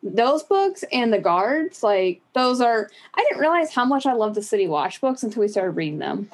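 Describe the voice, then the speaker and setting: A woman with a fairly high voice chats casually as a podcast co-host. She gushes with enthusiasm, sometimes acting out lines of dialogue. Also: sing-song, moderate pace. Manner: gushing, enthusiastic, acts out quoted dialogue. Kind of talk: casual chat about books.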